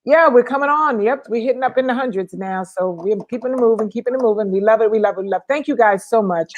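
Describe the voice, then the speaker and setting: A woman co-hosting a casual livestream chat, lively and chatty, calling out viewers by name. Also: a little high, fast talker, dull audio. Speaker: co-host.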